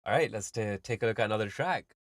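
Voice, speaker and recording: A man's voice: lowish voice, fast, a little hiss or hum. A man hosting a live stream, giving casual, rambling music feedback full of fillers and vivid analogies.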